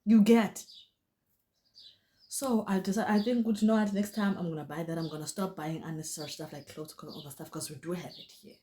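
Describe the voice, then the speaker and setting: A young woman vlogger with a South African Xhosa accent chats animatedly through a casual storytime, often dropping into Xhosa and restarting many times. Her voice is lowish and her pace fairly quick.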